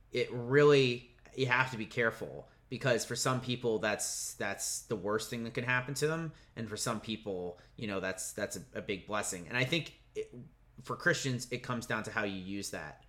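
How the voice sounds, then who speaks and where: A man who is a pastor, talking through questions of faith in a relaxed podcast chat and often checking in with "right?". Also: lowish voice. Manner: thoughtful, explaining scripture with many fillers and restarts, "right?" checks.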